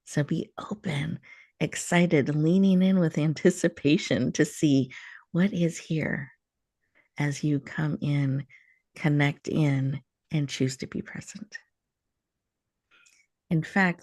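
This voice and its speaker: Host, female, low gravelly voice, soothing and encouraging meditation guide, dry recording. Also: steady tone, slow, long pauses, darkish tone, no echo. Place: virtual room, remote call.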